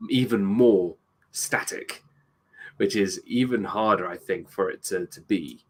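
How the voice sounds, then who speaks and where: A man co-hosting a movie review show, chatting casually about a film with hesitant pauses and dry asides. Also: low voice, a little hiss or hum. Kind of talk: casual chat, movie commentary.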